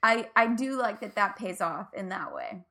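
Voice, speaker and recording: A woman in a casual TV recap chat, animated and often laughing as she talks through scenes. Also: mid-range voice, moderate pace. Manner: animated, laughs often, quotes lines in funny voices.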